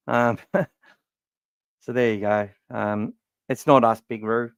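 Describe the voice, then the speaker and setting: A man's voice: medium pitch, fairly even intonation, takes it slowly, pauses often, smooth, no room sound, studio quality. A middle-aged Australian man hosting a casual fan podcast from home, rambling and swearing, his voice worn from talking all day. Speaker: podcast host. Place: warm room at home.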